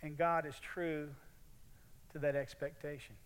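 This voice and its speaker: A male preacher delivers an earnest sermon in a fairly high, smooth, clear voice. His phrases often fade softly at the end. A long reverb hangs in the space, as in a large hall. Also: flat delivery, measured pace.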